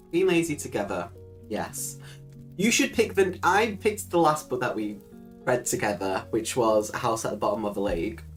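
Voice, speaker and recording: A woman hosting a casual livestream, chatting freely, laughing often and swearing casually. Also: extremely low pitch. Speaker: livestream host.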